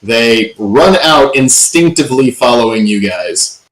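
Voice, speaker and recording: Game master in an echoey room. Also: male voice, mid-range voice, lively intonation, a little slow, fairly bright tone. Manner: dramatic recaps with filler ums. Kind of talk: narrating a tabletop game. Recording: roomy echo.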